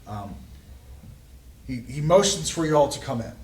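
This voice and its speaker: A man's voice: mid-range voice, expressive, darkish tone, slight background noise. Guy running a tabletop game, lots of ums, echoey room, sounds far from the mic. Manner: halting, lots of ums and restarts. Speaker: game master.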